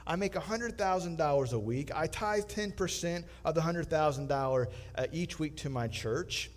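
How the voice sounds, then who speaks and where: A man voicing a calm, unbothered shipwrecked man who speaks reassuringly. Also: on the high side, moderate pace, in a large hall, close to an everyday voice. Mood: assured. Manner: relaxed, reassuring.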